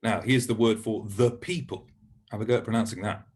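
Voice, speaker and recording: A man explains sounds patiently in a husky, breathy voice. He coaches learners gently and slows right down to model each word. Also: fairly low pitch, steady tone. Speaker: Hebrew teacher. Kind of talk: recorded lesson narration.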